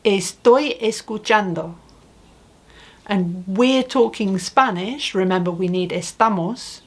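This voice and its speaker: A woman giving a spoken language lesson at an unhurried, deliberate pace. She talks patiently in a mid-range voice, posing questions and modeling each phrase for the listener. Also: mid-range voice, husky. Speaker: Spanish teacher.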